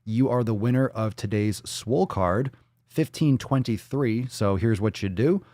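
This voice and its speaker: A man's voice: fairly low pitch, unhurried, a little mellow, no room sound, studio quality. A man hosting a daily fitness livestream podcast, talking casually with hype, profanity and playful catchphrases. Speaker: podcast host.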